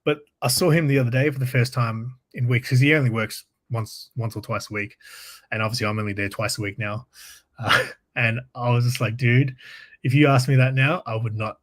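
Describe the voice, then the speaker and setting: A man's voice: medium pitch, steady tone, a little fast, a bit bright. A man with an Australian accent, chatting casually and telling stories, often laughing as he talks. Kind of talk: casual chat, storytelling.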